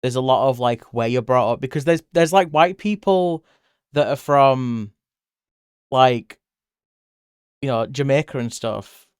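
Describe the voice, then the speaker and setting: A British man chatting casually on a live stream, answering chat and rambling freely. He laughs often, and his voice jumps up when he gets excited. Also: medium pitch, measured pace, pauses often, smooth, no room sound, clean studio sound. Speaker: livestreamer.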